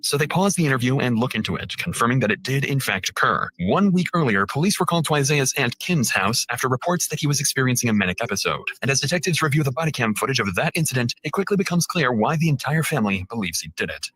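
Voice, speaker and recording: A man reading scripted true-crime narration in a measured, suspenseful way. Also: mid-range voice, animated, a bit bright, no room sound. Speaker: documentary narrator.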